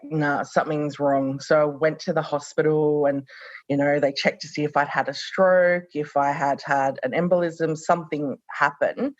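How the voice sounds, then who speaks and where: A woman's voice: low voice, no echo. Australian-raised woman in her thirties, reflective interview guest, dull dry audio. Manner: reflective, many fillers. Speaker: podcast guest. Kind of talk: conversational podcast interview.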